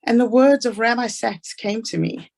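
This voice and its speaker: A woman's voice: fairly high pitch, a little mellow. A woman with a South African accent giving an earnest, inspirational talk about her own life. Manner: earnest storytelling, fast asides. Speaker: speaker.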